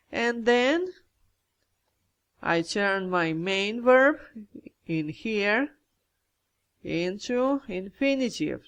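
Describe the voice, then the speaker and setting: Slow, methodical grammar teacher. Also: mid-range voice. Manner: methodical, talks through each step aloud, addresses viewers as guys. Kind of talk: step-by-step grammar explanation.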